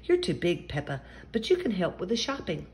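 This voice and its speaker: A jolly, sheepish father pig, put on by a woman, chuckly and apologetic, with a lively bounce. Read from a children's picture book in a voice kept high and bright. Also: a little fast, a little hiss or hum. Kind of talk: storybook read-aloud.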